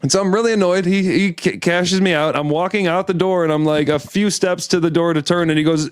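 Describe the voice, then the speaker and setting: A man's voice: sits high, fairly even intonation, brisk, few pauses, clean tone, no echo, clean studio sound. A man from Michigan telling exasperated, profane stories in a casual chat. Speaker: podcast co-host.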